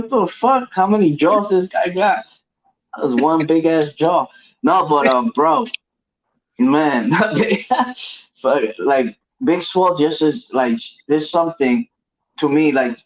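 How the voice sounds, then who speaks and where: A man's voice: on the high side, slow. A man co-hosting a casual podcast, talking loosely with lots of slang and filler. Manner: loose and animated, heavy slang. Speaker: podcast co-host. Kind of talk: casual wrestling chat. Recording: dull lo-fi audio.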